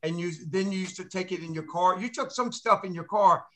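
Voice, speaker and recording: An older man jokes and teases in casual talk, often stumbling and restarting his sentences. His voice is high for a man and sharply bright. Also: a little fast. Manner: teasing and jokey, restarts often. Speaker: guest. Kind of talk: casual chat.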